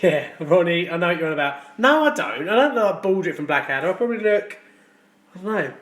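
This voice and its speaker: A man's voice: high-pitched, very animated, fast, fairly bright tone, echoey room. A man, a plumber, chatting jokily with viewers on a live stream and reading out their comments. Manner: jokey, chatty, reads viewer comments aloud. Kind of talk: casual live-stream chat.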